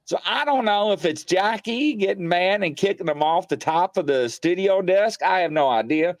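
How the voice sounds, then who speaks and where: A man hosts a paranormal show from his home studio in a casual live-stream style. His voice sits a little high and swings widely in pitch as he rambles through stories with plenty of fillers. The sound is close and dry. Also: normal speed, no room sound. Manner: rambling, animated storyteller with many fillers.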